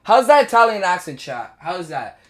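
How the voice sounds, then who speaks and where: A young streamer chatting casually and rapidly with their chat between impressions. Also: medium pitch, big pitch swings.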